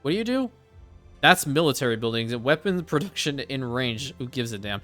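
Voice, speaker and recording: A man's voice: mid-range voice, sing-song, a little fast, pushed and bright, soft background music. A man hosting a strategy game let's play, thinking aloud and swearing casually as he plays. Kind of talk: casual gameplay commentary.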